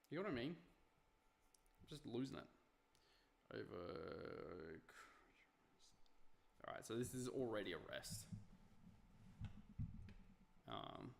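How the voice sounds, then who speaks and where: A man's voice: medium pitch, gravelly, slight background noise. A young man streaming himself at work, muttering notes to himself with self-mocking asides. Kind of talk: casual live-stream talk while working.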